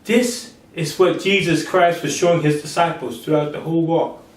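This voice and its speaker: A man's voice: fairly high pitch, moderate pace, roomy sound, distant mic, low-quality recording. A man preaching a sermon, acting out quoted speakers in changing voices. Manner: acts out biblical quotes in shifting voices.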